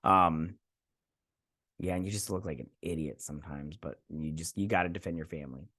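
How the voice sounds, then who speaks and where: A man's voice: low-pitched, moderate pace, fairly bright tone. A man casually recapping and reviewing a TV episode, acting out the characters' lines and rambling with lots of fillers and restarts. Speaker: show reviewer.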